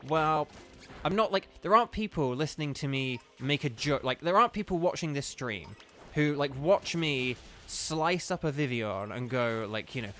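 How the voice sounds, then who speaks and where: A man's voice: fairly high pitch, animated, normal speed, fairly bright tone. A man chatting casually on a game live stream, rambling from one tangent to the next and filling his talk with "like". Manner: rambling and digressive, heavy use of "like".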